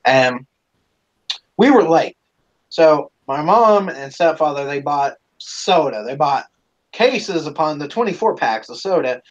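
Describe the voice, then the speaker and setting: On a dull, lo-fi recording, a man with a medium-pitched voice hosts a live stream. He casually tells a rambling story loaded with swearing.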